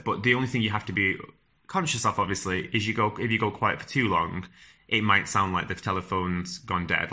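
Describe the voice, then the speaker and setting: A man's voice: fairly low pitch, sharp tone. A man with a strong northern English accent giving direct, earnest advice on phone interviews, with frequent fillers and restarts. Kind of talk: advice talk to camera.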